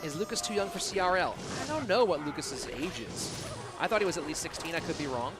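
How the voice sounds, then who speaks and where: A man's voice: a little high, lively intonation, fairly quick. A man casting a live esports match, chatting casually and answering viewers between plays. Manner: chatty, reads and answers chat while casting. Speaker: esports caster. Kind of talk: live game commentary. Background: music.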